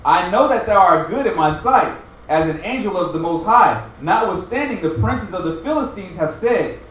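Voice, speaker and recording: A man reading scripture aloud verse by verse in a measured, formal way, now and then stumbling over a word. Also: high-pitched, expressive, fairly bright tone. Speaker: scripture reader. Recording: distant, very echoey room.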